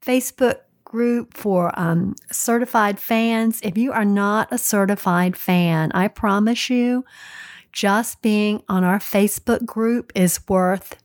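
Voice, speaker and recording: Speaking at medium pitch in studio-quality audio without echo, this middle-aged podcast co-host gives a solo, chatty pep talk packed with anecdotes. Her storytelling is slow and punctuated by frequent laughter.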